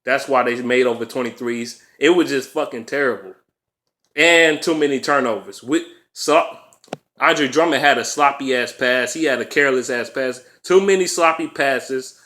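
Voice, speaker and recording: A man's voice: moderate pace, pushed and bright. A man ranting about a lost basketball game, swearing often, repeating himself and laughing in disbelief. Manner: pitch jumps up sharply when worked up. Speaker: basketball fan vlogger. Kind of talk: angry game recap rant.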